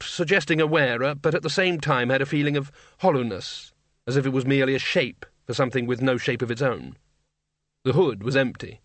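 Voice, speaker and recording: A man narrates a novel in a measured, wry way, in a mid-range voice. He is recorded close to the mic in a dry, dead studio sound with no room echo. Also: medium pitch, fairly bright tone. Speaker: audiobook narrator. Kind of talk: scripted audiobook narration.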